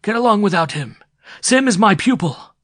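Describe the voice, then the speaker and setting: A shrill, strident old man, frail and bird-like, his voice pitched high and cracking with scolding, as a male audiobook narrator puts him on. The delivery is husky and dry, close to the mic. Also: lively intonation, takes it slowly, a bit bright, no room sound, heavily acted.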